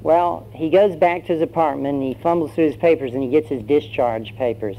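A man's voice: fairly high pitch, a little fast. Man preaching a story-driven sermon. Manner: conversational storytelling with fillers and acted voices. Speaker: pastor. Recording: dull lo-fi sermon recording, faint hum.

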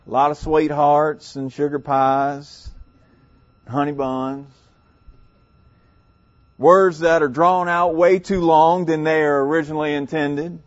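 A man from South Louisiana, preaching a sermon with emphatic, drawn-out delivery and dramatic pauses. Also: on the high side, steady tone, muffled recording.

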